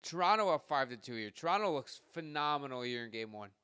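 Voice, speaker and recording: Bright-voiced man calling hockey play-by-play. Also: medium pitch, expressive, clear, resonant tone, no echo, studio quality. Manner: rapid play-by-play that jumps louder on shots and goals; chatty asides to listeners. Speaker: podcast host doing live play-by-play. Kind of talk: live hockey play-by-play commentary.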